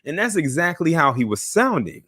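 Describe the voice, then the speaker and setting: Fairly high-pitched and fairly quick, with a breathy edge, this young host of a casual news commentary show talks straight to his audience. His manner is animated, punctuated by scoffing remarks.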